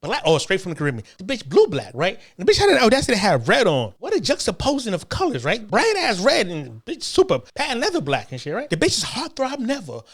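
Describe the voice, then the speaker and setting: A man's voice: sits high, wildly swooping pitch, fast talker, few pauses. A man hosting a podcast, giving crude, rambling commentary and repeating himself often. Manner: profane, rambling, repeats "I'm saying". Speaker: podcast host.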